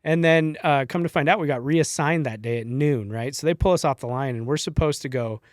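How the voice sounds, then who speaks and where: Speaking briskly in a slightly high voice, a middle-aged former wildland firefighter tells laid-back stories as a podcast guest, laughing and swearing freely. The sound is studio quality with no echo.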